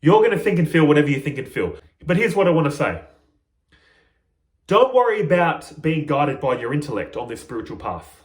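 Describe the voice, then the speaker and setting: A man's voice: on the high side, big pitch swings, brisk, echoey room. A man speaking as a spiritual teacher in a reflective monologue, playful and often laughing at himself.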